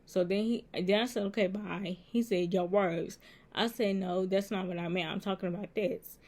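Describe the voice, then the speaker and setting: A woman's voice: medium pitch, fairly even intonation, moderate pace, a little mellow. A woman vlogging a casual storytime at home. She retells a text-message exchange line by line, switching back and forth between what he said and what she said. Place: indoors at home, with a laptop nearby.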